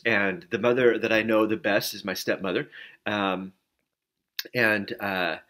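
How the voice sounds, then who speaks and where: A man's voice: on the low side, pushed and bright. A middle-aged man, a pastor, giving an informal sermon as a story with many fillers and restarts. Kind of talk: conversational sermon.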